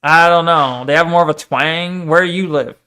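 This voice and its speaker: A man with a noticeably high voice, talking casually on a live stream. He rambles, reads his viewers' messages out loud and argues back with them in loose, unscripted talk. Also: normal speed, clean tone. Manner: rambling, argumentative, reads chat messages aloud and answers them.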